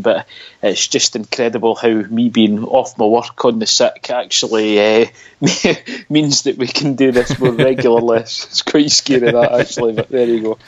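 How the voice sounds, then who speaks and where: Guy on a pod, teases his mate, laughs a lot, kinda dull mic. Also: medium pitch. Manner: teasing, quick to laugh. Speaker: podcast co-host. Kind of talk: casual chat.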